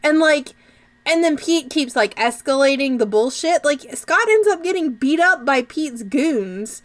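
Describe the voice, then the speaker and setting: A young woman co-hosting a podcast, casually recapping a movie in an animated, sarcastic way and swearing freely. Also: high voice, unhurried. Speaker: podcast co-host.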